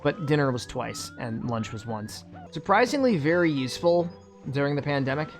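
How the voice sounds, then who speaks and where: A man's voice: fairly high pitch, expressive, moderate pace, faint music behind. A man giving casual gameplay commentary as a gaming YouTuber, rambling and sarcastic, with many restarts.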